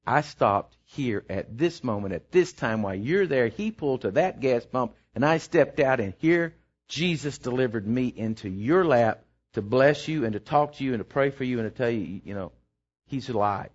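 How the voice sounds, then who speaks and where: A man's voice: medium pitch, animated, normal speed. A middle-aged man, a pastor telling a rambling story in his sermon that builds into emphatic preaching. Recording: dull lo-fi sermon recording.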